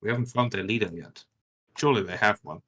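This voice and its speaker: A man's voice: fairly low pitch, fast talker, sharp tone. A man playing a tabletop game, asking blunt, direct questions. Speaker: player. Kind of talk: tabletop role-play.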